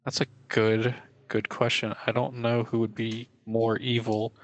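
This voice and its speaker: A man's voice: mid-range voice, completely flat delivery, a little slow, dry recording, rough recording. A young man co-hosting a casual podcast, telling stories with lots of fillers and hedges. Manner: rambling storyteller, many fillers. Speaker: podcast co-host.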